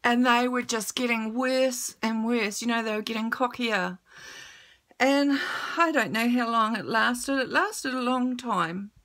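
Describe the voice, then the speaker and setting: A woman's voice: on the high side, a little slow, a bit bright. A woman telling a personal story on camera, emotional and blunt, swearing freely.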